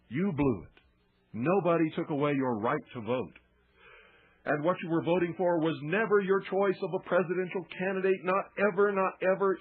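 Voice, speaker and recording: An indignant male talk radio host delivers an emphatic monologue. His voice sits a little high and sounds husky. The broadcast is lo-fi and narrow, like a phone line.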